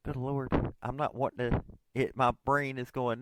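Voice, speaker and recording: A man's voice: mid-range voice, steady tone, measured pace, a bit bright, smooth, no echo. A man in his forties, hosting his own podcast, rambles casually and self-deprecatingly, with lots of hesitant fillers. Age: 40s. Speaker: podcast host.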